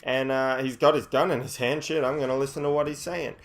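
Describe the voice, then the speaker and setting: Man, casual storyteller, animated, crude language, stumbling restarts. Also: mid-range voice, brisk. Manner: animated, swears freely, rambling restarts. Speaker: vlogger telling a story.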